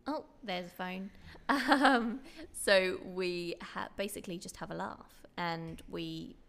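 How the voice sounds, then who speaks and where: A woman with a Queensland Australian accent, chatting easily on a podcast she co-hosts. Her voice sits a little low with a gravelly fry, and she laughs often between thoughts. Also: slow pace, a bit bright. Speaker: podcast co-host. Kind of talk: casual podcast chat.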